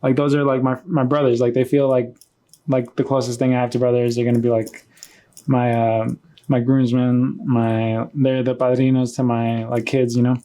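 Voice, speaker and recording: A man hosting a casual interview chat, rambling and halting with many fillers. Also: medium pitch, level tone, mellow. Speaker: host.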